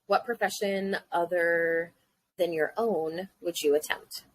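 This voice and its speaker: A woman's voice: fairly low pitch, takes it slowly, no room sound, rough recording. Giggly woman in her thirties. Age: 30s. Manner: bubbly, giggly, swears playfully. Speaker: podcast host. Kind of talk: casual podcast chat.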